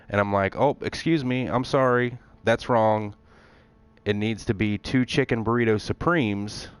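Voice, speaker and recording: A man with a lowish voice tells a long story in a casual, exasperated way on his stream. He acts out both sides of the conversation. The sound is dry and close to the mic. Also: dry recording.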